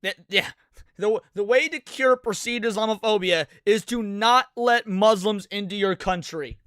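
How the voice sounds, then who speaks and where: A man's voice: sits high, moderate pace, fairly bright tone, smooth, no echo, studio quality. A man hosting a casual commentary show, making sarcastic, mocking asides and answering questions from chat. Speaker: host.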